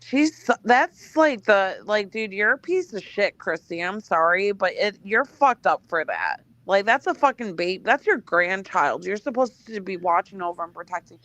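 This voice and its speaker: A woman's voice: mid-range voice, very animated, normal speed, hardly any pauses, fairly bright tone, no echo. A woman in a casual live gossip chat, blunt, profane and indignant.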